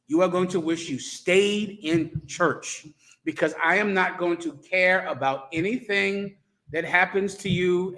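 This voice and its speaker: A stern male preacher delivers a scolding sermon in a high, bright, sharp voice. He is blunt and crude, and he hammers his warnings home.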